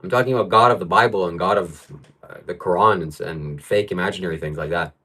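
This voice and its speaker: A man's voice: deep voice, fast, bright, forceful tone, breathy edge. Guy ranting on his live stream about dumb comments, annoyed, talks right into his desk mic. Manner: frustrated, ranting at viewer comments. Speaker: livestream host. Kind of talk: livestream talk.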